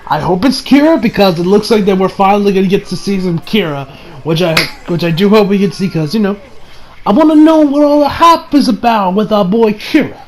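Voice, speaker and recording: A man with a notably high voice chats casually through an episode recap. He rambles, restarts his sentences often and teases himself along the way. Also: fairly quick, slight background noise, poor audio. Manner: rambling, with many restarts and self-mocking asides. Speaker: anime reviewer.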